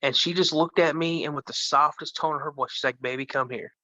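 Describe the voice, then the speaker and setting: A man in his fifties, a guest telling a first-person story in an animated way, with frequent restarts. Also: on the high side, brisk, no room sound, dull audio. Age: 50s.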